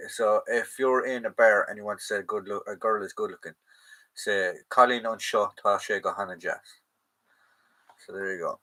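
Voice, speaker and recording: A man's voice: fairly low pitch, sharp tone, poor audio. An Irish man hosting a casual livestream Q&A, chatting loosely, reading viewer comments aloud and answering them, and correcting himself as he goes. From Ireland. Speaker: host of a live chat stream.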